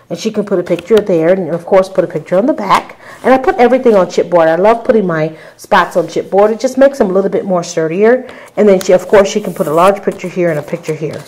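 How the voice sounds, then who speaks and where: A woman's voice: medium pitch, darkish tone, low-quality recording. A woman casually walking viewers through a handmade scrapbook album, chatty and full of ums and little asides to the audience. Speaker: crafter showing a handmade album. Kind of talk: casual show-and-tell tutorial.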